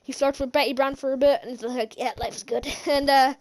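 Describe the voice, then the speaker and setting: A woman's voice: high voice, level tone, brisk. A woman recapping a movie in a casual, rambling way, laughing often and restarting her sentences. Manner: rambling, giggly, many restarts. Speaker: movie reviewer.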